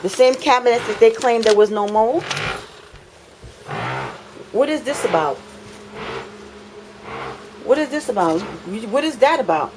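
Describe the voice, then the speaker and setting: A woman's voice: fairly high pitch, expressive, unhurried, long pauses, noisy background. A woman, filming an impassioned complaint in her apartment, talking indignantly and repeating phrases for emphasis.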